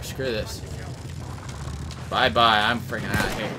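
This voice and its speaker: A man giving live commentary while playing a shooter game, excitable, yelling at enemies and trading mild minced oaths. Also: medium pitch, takes it slowly, long pauses. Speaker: gameplay commentator. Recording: game noise clearly behind voice.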